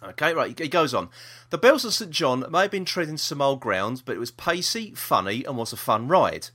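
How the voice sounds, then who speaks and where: A man's voice: mid-range voice, big pitch swings, a little fast, sharp tone, slightly rough. A man with a South East London accent co-hosting a podcast, chatting and reading out a listener's email with lots of ums. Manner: chatty, reads aloud with many ums and restarts. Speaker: podcast co-host.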